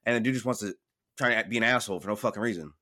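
A man co-hosting a podcast, telling a story in casual chat, animated and swearing freely, getting over a cold. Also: fairly low pitch, very fast. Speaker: podcast co-host.

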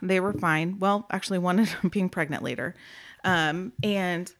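A woman speaking in a casual podcast chat, telling an emotional story and slowing down, going soft at the heavy moments. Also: on the low side. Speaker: former group home worker.

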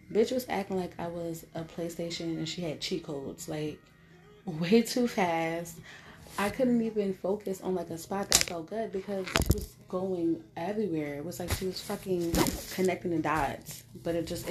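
A woman's voice: lowish voice, a little mellow, slight background noise. A woman telling a candid story to her viewers in a casual, blunt way, with a lot of "like". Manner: candid, blunt, heavy use of filler "like".

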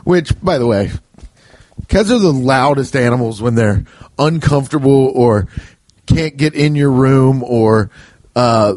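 A young adult man hosting a podcast alone, telling rambling, profane, joking stories and putting on quick voices for the people in them. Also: mid-range voice, a little mellow, no echo. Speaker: podcast host. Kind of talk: casual rambling monologue.

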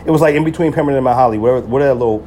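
A man's voice: mid-range voice, rapid-fire, dark tone, a little hiss or hum. Slangy man telling a story. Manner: loose and profane, heavy slang, many "you feel me" fillers. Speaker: podcast host. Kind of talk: casual storytelling monologue.

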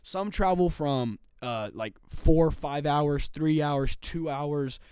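A man's voice: a little high, takes it slowly, a little mellow, clean tone, dry recording. Emphatic man telling a story. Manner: emphatic, repetitive storytelling with rising and falling intensity. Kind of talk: casual faith podcast storytelling.

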